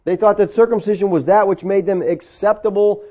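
Guy preaching, chatty sermon, high voice, soft mellow tone. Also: brisk. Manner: animated, conversational preaching with rhetorical questions. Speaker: pastor.

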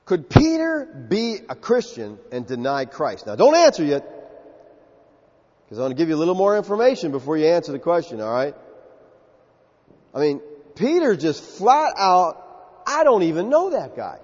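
A man's voice: a little high, huge pitch swings, normal speed, long pauses, a little mellow. A man with a Southern US accent preaching a sermon, emphatic and acting out quotes in character. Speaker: pastor. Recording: muffled, echoey hall.

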